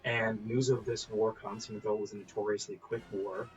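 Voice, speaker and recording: A man narrating a solo tabletop game as game master, relaxed and rambling, with frequent laughs and fillers. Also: lowish voice, a little fast. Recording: dull lo-fi recording with faint music.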